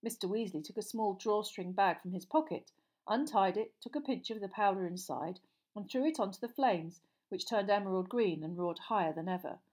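A woman narrating a storybook audiobook in a steady, clear reading voice. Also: medium pitch, normal speed.

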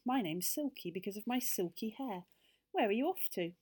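A woman voicing Silky, a sweet young female fairy with a high, friendly voice. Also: animated, normal speed, breathy edge. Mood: gentle friendly. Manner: high, bright, friendly calling.

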